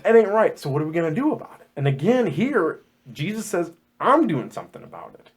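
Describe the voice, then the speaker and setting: A man co-hosts a loose, joking church podcast, his voice husky and full of swoops up and down. He talks casually and now and then slips into comic voices. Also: a little high, wildly swooping pitch, fairly quick. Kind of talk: casual chat.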